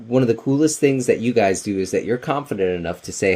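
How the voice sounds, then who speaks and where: A man's voice: on the low side, lively intonation, fast talker, hardly any pauses, warm tone. A man hosting a podcast, asking rambling conversational questions of his guest. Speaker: podcast host.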